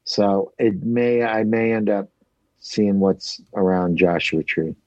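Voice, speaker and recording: A man's voice: on the low side, takes it slowly, a little mellow, dry recording, muffled recording. A man chatting casually about a trip, rambling and swearing with many restarts. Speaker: traveler recounting a trip. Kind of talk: casual chat.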